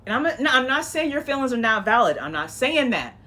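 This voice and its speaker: A woman's voice: on the high side, big pitch swings, a little fast, sharp tone. A woman giving a casual tarot reading, blunt and emphatic, swearing freely and repeating herself as she talks. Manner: swears freely, uses slang. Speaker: tarot reader.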